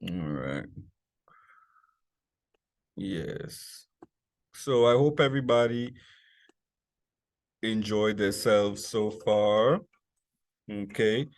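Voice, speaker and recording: A man with a US Virgin Islands accent giving a customer service workshop talk, chatty and lively, often checking in with "okay?" and "right?". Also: fairly low pitch, extremely slow, pauses often, no room sound. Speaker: workshop speaker, private chef.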